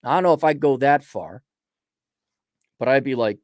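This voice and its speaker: A man's voice: mid-range voice, animated, moderate pace, dry recording, studio quality. A man hosting a show and ranting in a blunt, crude and combative way. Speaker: podcast host. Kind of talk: profane rant.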